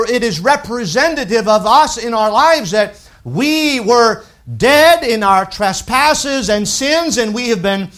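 A man preaching a sermon, reading scripture aloud and explaining it earnestly, swinging between raised and hushed delivery. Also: high voice. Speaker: pastor.

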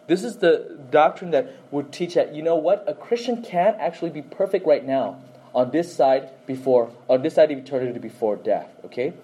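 Bible teacher man, mellow and a little husky, keeps asking the class questions and tacking on "okay?". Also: a little high, normal speed, low-quality recording. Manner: quizzes listeners with questions, frequent "okay?".

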